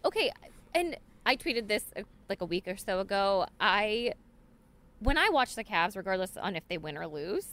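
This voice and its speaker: A woman co-hosting a casual sports chat, animated and laughing often, with lots of fillers. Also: mid-range voice, moderate pace. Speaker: podcast co-host.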